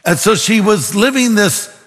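Earnest preacher in an echoing hall. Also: male voice, high-pitched, animated, fairly bright tone. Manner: earnest, emphatic, slows down to stress points. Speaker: pastor. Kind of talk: sermon. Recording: long hall reverb with faint music.

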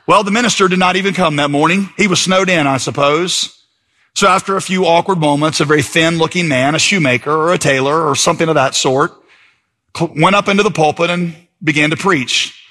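A man's voice: fairly high pitch, brisk, sharp tone. A man preaching a sermon as pastor, conversational and reading passages aloud with fillers.

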